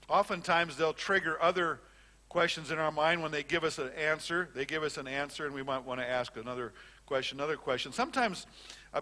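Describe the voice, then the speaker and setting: A man's voice: on the high side, sharp tone. An older man giving a conversational classroom lecture as a Bible teacher, often repeating and restarting phrases.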